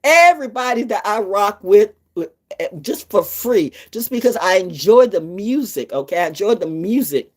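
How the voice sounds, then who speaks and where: A woman's voice: medium pitch, expressive, normal speed. A woman vlogger doing brash, profane freestyle livestream talk that rambles from topic to topic. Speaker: vlogger and storyteller.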